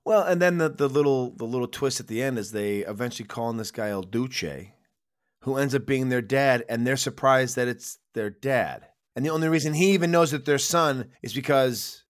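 An American man in a casual film podcast chat, swearing freely and ranting with mocking outrage. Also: mid-range voice. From United States.

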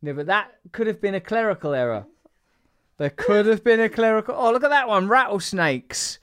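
A man's voice: high-pitched, animated, normal speed, a bit bright, clear, resonant tone, no room sound, studio quality. A man hosting a casual podcast, rambling and jokey, teasing his co-worker and trailing off with fillers. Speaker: podcast host.

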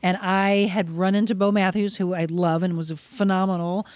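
A woman's voice: fairly low pitch, normal speed, dry recording. Missouri woman, middle-aged, chatty storyteller, dry close mic. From Missouri, USA. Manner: animated, acts out voices in her stories. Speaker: guest, broadcaster. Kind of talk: casual interview storytelling.

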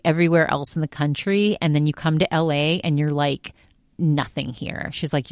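A woman's voice: sits low, no echo, clean studio sound. A woman hosting her own podcast, casually recapping another show and retelling what was said in a chatty, quote-heavy way. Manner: chatty retelling, constantly quoting others with "she's like". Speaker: podcast host.

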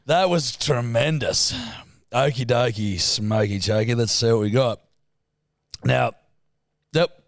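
A man's voice: medium pitch, slow pace, pauses often, no echo, clean studio sound. A man co-hosting a podcast, chatting casually, teasing and laughing often. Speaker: podcast co-host. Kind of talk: casual chat.

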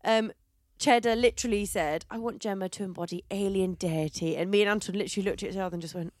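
A woman co-hosting a podcast, chatting in an animated, gossipy way, swearing and laughing often into a handheld mic. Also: mid-range voice, quick pace, no room sound, clean studio sound. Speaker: podcast co-host. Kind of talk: casual chat.

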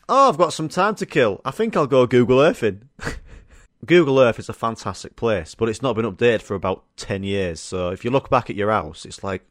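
A man's voice: mid-range voice, dry recording, clean studio sound. A young man hosting a solo podcast, chatting casually and swearing through rambling stories. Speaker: podcast host.

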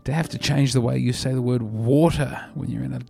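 A man's voice: mid-range voice, steady tone, brisk, gravelly, warm tone. Aussie guy rambling thru a comedy podcast, dry self-mocking, faint music behind. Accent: Australian. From Australia.

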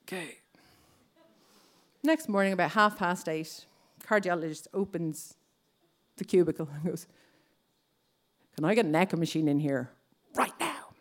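A woman's voice: fairly low pitch, normal speed, long pauses. A woman in her thirties with an Irish accent, telling a personal story on stage and acting out other people's lines. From Ireland.

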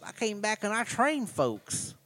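A man's voice: high-pitched, very animated, a little slow, a bit bright, pitched above the performer's own voice, full character voice. A man mocking a movie detective with an exaggerated fake Southern drawl, sing-song and drawn out. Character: over-the-top male detective with a fake drawl.

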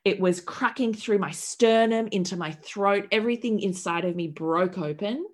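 Speaking at a moderate pace in a mid-range voice, this woman in her thirties appears as a guest on a podcast. She chats candidly, swearing without restraint, and brings her expressive story to life by imitating the voices of the people in it.

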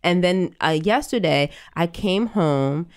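A woman in her thirties talks through a personal story as a podcast host. Her voice sits a little low, and her delivery is chatty and reflective, full of casual fillers. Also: animated, slow pace, clean tone. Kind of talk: candid conversational storytelling.

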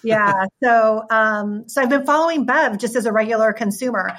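A woman's voice: on the high side, normal speed, a bit bright. Woman with polished business talk. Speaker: wine company executive. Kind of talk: interview answer.

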